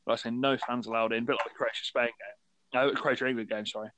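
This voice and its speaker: A man's voice: medium pitch, fast, background noise. A man co-hosting a football podcast, chatting casually and acting out quotes in a raised voice. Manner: animated storyteller, acts out quotes in raised voice. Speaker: podcast co-host.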